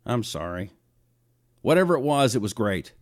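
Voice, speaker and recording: A man hosting a solo talk show, reading listener comments and talking in an animated, rambling way. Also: moderate pace. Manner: animated, rambling, lively swings in pitch. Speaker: radio talk show host. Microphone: own broadcast setup, fixing a failed mic on air.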